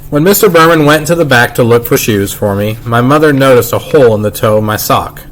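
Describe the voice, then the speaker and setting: Guy reading a kids' chapter book out loud, easygoing, bit of hiss behind him. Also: mid-range voice, fast talker, few pauses. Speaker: reader. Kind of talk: reading a children's novel aloud, first-person narration.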